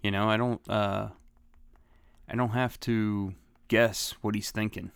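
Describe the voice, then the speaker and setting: A man's voice: fairly low pitch, flat delivery, takes it slowly, gravelly, clear, resonant tone, no room sound, clean studio sound. A man talking in an easygoing, reflective way, full of fillers, in a casual podcast chat.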